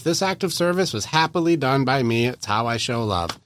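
A man's voice: medium pitch, fairly quick, few pauses, fairly bright tone. A man hosting a podcast interview, talking casually and animatedly, acting out little quoted exchanges in playful voices. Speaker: podcast host.

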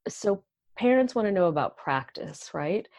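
A woman hosting a podcast, probing her guest with questions and quick to agree. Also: medium pitch, expressive, darkish tone, dry recording, clean studio sound. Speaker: podcast host. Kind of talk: interview questions.

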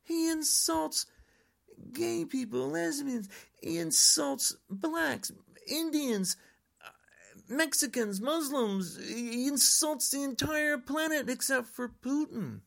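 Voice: high-pitched, slow pace, vocal fry, fairly bright tone. An older podcast host in a frustrated, angry political rant.

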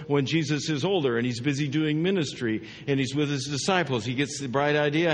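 A man pastor giving a sermon, his dynamic preaching swinging from hushed, drawn-out lines to emphatic, rising ones. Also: fairly high pitch, long reverb tail.

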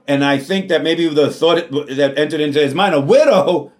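A man's voice: a little high, steady tone, moderate pace. Earnest man preaching a sermon. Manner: earnest, repeats phrases for emphasis, calls out amen. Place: church.

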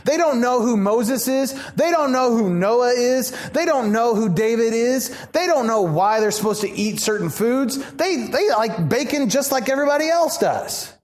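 A man pastor preaching a sermon in an animated, conversational way, asking the congregation questions. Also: extremely high pitch, moderate pace, hardly any pauses. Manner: animated, conversational, acts out quoted voices.

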